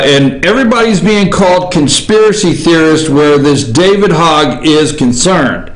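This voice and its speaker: A man hosting an opinion talk show from an office, rambling, repeating himself and tagging his points with "okay?". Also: high-pitched. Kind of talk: opinion commentary. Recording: echoey room.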